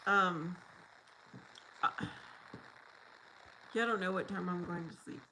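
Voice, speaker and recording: A woman's voice: fairly low pitch, fairly even intonation, takes it slowly, background noise. A woman hosting a casual livestream, reading viewer comments aloud and greeting people by name, often breaking into laughter. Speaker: livestream host.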